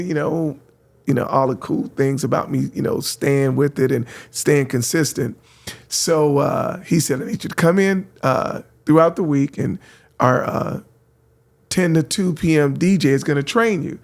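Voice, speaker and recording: Gravelly, animated storyteller man. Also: on the high side. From San Francisco. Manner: lively, acts out voices in anecdotes, laughs often. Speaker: radio host guest.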